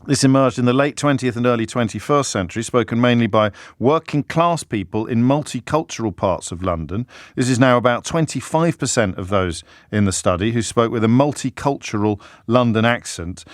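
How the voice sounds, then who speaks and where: A man's voice: medium pitch, brisk, few pauses, dry recording, clean studio sound. Chatty middle-aged male radio host. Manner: musing, chatty, with frequent restarts and stammered repeats. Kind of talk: live talk-radio monologue. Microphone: studio microphone.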